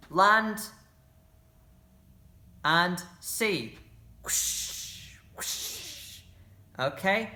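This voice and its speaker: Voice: mid-range voice, pushed and bright, echoey room. A drama workshop leader guiding children through a movement game, encouraging them and making playful sound effects.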